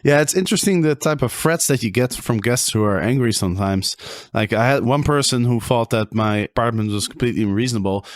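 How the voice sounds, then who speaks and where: A man with a mid-pitched voice hosts a podcast in an easygoing, casual way, hedging with fillers and light laughs. His sound is dry and close. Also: no room sound. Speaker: podcast host. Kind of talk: casual interview chat.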